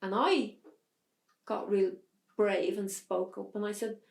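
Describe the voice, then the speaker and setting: A woman telling a hard personal story as an interview guest, in a halting way with restarts. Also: mid-range voice, creaky, a little mellow, reverberant. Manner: halting, restarts under strain. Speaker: podcast guest.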